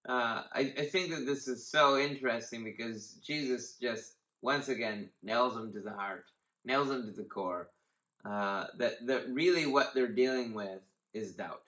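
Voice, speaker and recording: A man pastor talks through a devotional Bible teaching in a relaxed, rambling style, with plenty of fillers and restarts. His delivery is slow and easygoing, with a bright, forward tone. The room around him adds a noticeable echo. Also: mid-range voice.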